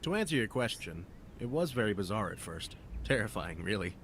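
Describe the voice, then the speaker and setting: A guarded former firefighter speaking bluntly and matter-of-factly in a game. His voice sits fairly low, with a faint hiss in the background. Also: big pitch swings, fairly quick, a bit bright. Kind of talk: game voice acting.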